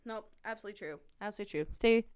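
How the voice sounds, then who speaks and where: A woman's voice: medium pitch, very fast, smooth, no echo. A woman co-hosting a podcast, telling stories in blunt, profane casual chat. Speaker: podcast co-host.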